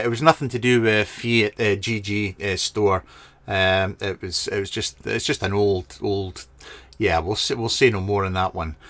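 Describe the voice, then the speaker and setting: With a fairly low-pitched, fairly bright voice, a Scottish vaping product reviewer reads out viewer comments in his garden shed. He jokes around and talks casually into a webcam in a live chat vlog, full of ums and restarts.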